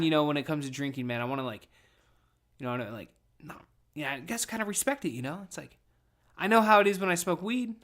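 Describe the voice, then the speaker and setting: A man's voice: a little high, fairly bright tone. Rambling, profane young male podcaster. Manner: rambling and profane, laid-back. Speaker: podcast host. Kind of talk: casual solo podcast chat. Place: his room at home.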